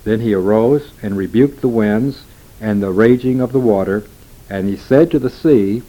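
A man reading scripture aloud in a steady, measured way. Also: fairly low pitch, poor audio. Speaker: scripture reader.

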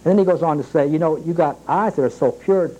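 A man preaching a sermon, slowing down to read scripture aloud and rising sharply in pitch on his questions. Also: mellow, dull audio. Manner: emphatic, rises sharply on questions. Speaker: pastor.

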